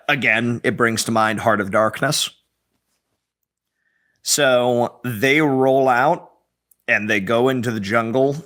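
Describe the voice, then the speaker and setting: A man with a bright, forward voice recaps a film's plot for a casual review show. He talks slowly, with fillers and pauses between phrases. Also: fairly low pitch. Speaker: film review co-host. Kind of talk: casual film review chat.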